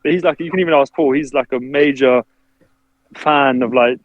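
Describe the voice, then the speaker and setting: A man's voice: mid-range voice, normal speed, no room sound, lo-fi sound. A man, a basketball player, chatting casually as a podcast guest, laughing often and acting out what his family says. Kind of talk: casual interview chat.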